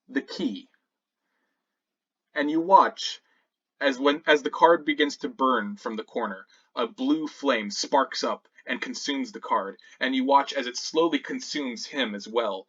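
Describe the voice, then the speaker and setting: A man narrating as game master of a tabletop game, dramatic, moving between loud and hushed. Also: mid-range voice, slow pace, distant mic, dull audio.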